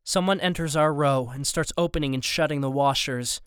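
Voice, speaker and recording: A man narrating a first-person story as an audiobook narrator, steady and even. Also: fairly high pitch, normal speed, smooth, no room sound, studio quality.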